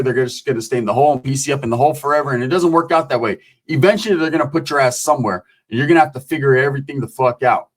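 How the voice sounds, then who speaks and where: Profane streetwise man telling prison stories. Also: medium pitch. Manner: profane, streetwise, acts out voices in quotes. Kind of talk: casual storytelling.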